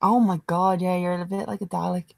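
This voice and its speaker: A woman's voice: fairly low pitch, flat delivery, fairly quick, gravelly, dry recording, poor audio. Sweary woman on a call. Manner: blunt, sweary, laughing. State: hungover. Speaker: podcast co-host. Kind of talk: casual chat. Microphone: video call.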